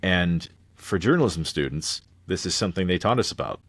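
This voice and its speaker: Casting: 30s male podcast co-host, very deep and dry, loose rambling talk. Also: animated, brisk, fairly bright tone, no echo. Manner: rambling, many restarts. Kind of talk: casual movie review chat.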